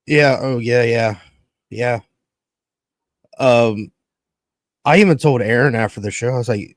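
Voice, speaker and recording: A man's voice: mid-range voice, expressive, measured pace, long pauses, no room sound. A man co-hosting a podcast in casual chat, rambling, swearing often and acting out what others said. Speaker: podcast co-host.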